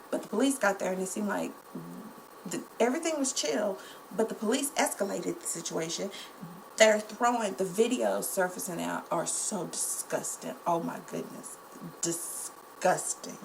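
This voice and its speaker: An indignant young woman talks directly to her viewers, calling them y'all. Her voice has a gravelly edge. A faint hiss sits under the recording. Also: on the high side, rough recording. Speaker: vlogger. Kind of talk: casual commentary to camera.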